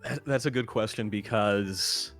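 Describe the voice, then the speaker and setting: A man who voice acts, chatting casually as a guest, relaxed and swearing offhandedly while explaining things. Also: fairly low pitch, a little slow, soft background music. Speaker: voice actor guest. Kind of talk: casual chat.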